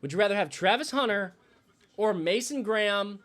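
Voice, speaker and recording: High, bright-voiced male streamer. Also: lively intonation, normal speed. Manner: rambling, thinks aloud, thanks viewers for subs. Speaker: live stream host. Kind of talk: casual live reaction commentary.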